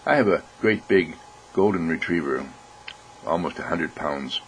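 A man giving a gentle, reflective talk, telling stories and acting out voices. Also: low-pitched, animated, a little slow, a little hiss or hum, rough recording. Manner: gentle, storytelling with acted voices. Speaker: speaker.

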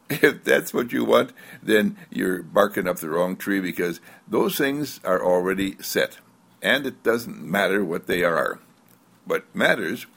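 Gravelly lively-voiced male spiritual speaker. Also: fairly low pitch. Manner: slow drawn-out emphasis, playful asides. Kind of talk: inspirational spiritual talk.

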